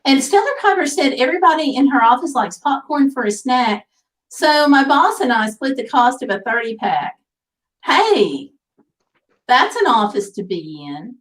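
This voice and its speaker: Reading out viewer comments on her relaxed livestream, a woman chats easily in a high, sing-song voice at normal speed. The mic catches her from a distance.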